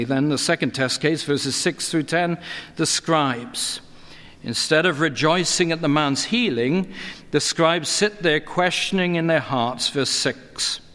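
A middle-aged pastor delivers a sermon in an earnest, expository way, his voice sitting a little high for a man. He lifts his pitch to stress key points. His words ring out with a long church reverb behind them. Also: fairly bright tone.

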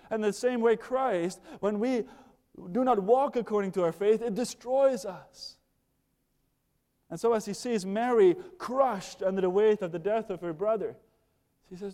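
Man, pastor, sermon, earnest, hushed then raised, mellow tone, long hall reverb. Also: high-pitched, a little slow. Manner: earnest, moving between hushed and raised passages.

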